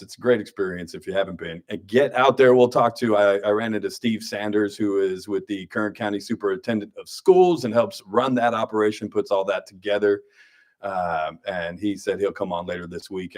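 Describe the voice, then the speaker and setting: A man, hosting a radio show in a studio with joking, grumpy banter and quick asides. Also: lowish voice. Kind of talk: casual radio talk.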